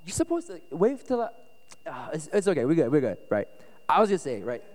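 A man preaching a casual, conversational sermon as pastor at a retreat, relaxed and chatty, often checking that listeners follow. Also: on the high side, fast talker. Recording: echoey hall reverb.

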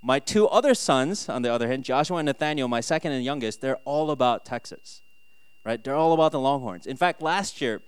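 A man from Minnesota, a pastor in his thirties, giving a sermon with animated storytelling and rhetorical questions. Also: mid-range voice, a little fast, clear, resonant tone, dry recording.

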